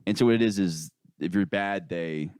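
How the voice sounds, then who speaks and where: A man's voice: sits low, normal speed, darkish tone, clean tone, dry recording, studio quality. A man hosting a comedy podcast, telling stories in casual chat, laughing often and acting out voices. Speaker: podcast host.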